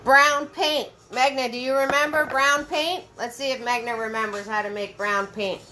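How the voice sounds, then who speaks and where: A woman's voice: sits high, fairly even intonation, moderate pace, sharp tone, slight background noise. A woman hosting a live painting lesson, giving step-by-step brush instructions, repeating her key phrases and chatting with viewers by name. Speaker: paint party instructor and host.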